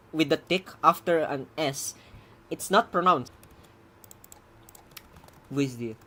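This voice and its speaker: A programmer giving casual live-coding commentary, rambling, chuckling and muttering while debugging, with keyboard typing behind. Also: mid-range voice. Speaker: programmer streaming their own coding.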